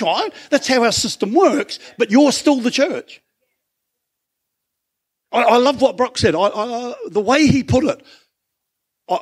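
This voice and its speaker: A middle-aged man with an Australian accent preaching in church, conversational and animated, full of rhetorical questions. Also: sits high, breathy edge. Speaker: pastor. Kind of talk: sermon.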